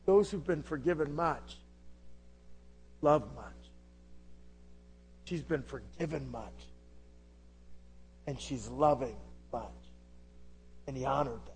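A man preaching an impassioned sermon, asking rhetorical questions and swinging between loud and hushed delivery. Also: medium pitch, takes it slowly, long pauses, slight background noise. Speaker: pastor.

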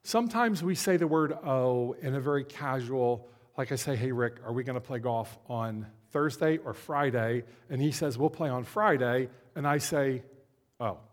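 A man giving a conversational Christmas sermon as a pastor, slowing down to stress key words. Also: medium pitch. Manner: conversational, slows down for emphasis. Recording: long hall reverb.

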